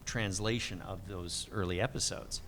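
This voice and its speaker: A middle-aged man telling convention stories as a voice actor, full of energy and acting out every quote. His pitch leaps around, and a faint noise floor runs beneath him. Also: moderate pace, big-room sound. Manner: animated, lively pitch swings, acts out quotes. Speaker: voice actor guest. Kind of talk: convention interview storytelling.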